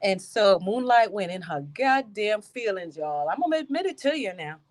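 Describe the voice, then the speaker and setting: A woman hosting a casual live stream, animated and laughing, greeting her chat by name. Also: mid-range voice, moderate pace.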